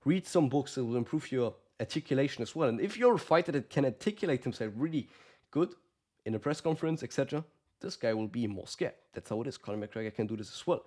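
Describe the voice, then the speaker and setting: A combat sports coach gives blunt, casual advice straight to the camera, swearing a lot, calling the listener "brother" and acting out fighters' lines. His medium-pitched voice is mellow, fast and lively in intonation.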